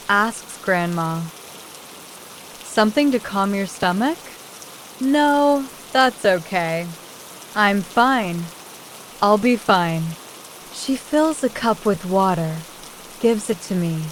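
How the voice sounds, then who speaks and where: A woman reading a first-person children's novel aloud as an audiobook narrator, in a slow, measured way. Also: mid-range voice, a little hiss or hum, poor audio.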